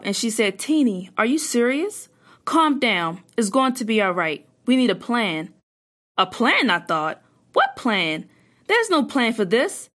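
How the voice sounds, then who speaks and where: A woman's voice: mid-range voice, a bit bright. Woman reading her own story aloud. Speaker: narrator of a personal story. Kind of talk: reading a personal essay aloud.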